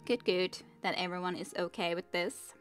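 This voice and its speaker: A woman's voice: fairly low pitch, steady tone, normal speed, soft background music. A young woman streamer reading a fantasy novel aloud, with chatty asides to her viewers.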